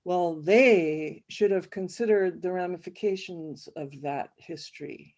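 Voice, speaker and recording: A woman's voice: a little slow, darkish tone. A woman doing a cool, aloof woman. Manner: cool, low, dismissive. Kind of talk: reading a story aloud.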